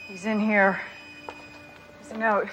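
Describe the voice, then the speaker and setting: An actress playing a sharp-minded female detective who reasons crisply and insistently, in a 1980s TV comedy. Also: medium pitch, flat delivery, slow pace, faint music behind, rough recording.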